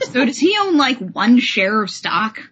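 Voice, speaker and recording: A woman co-hosting a podcast who recaps an episode in a casual, animated way and often acts out the characters. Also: fairly high pitch, slow, highs cut off, slight background noise. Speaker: podcast co-host.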